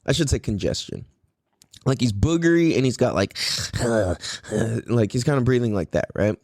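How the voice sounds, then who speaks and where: A man in his thirties, a podcast host, telling a story in casual chat, animated and profane, laughing often. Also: mid-range voice, a little fast, no room sound, clean studio sound.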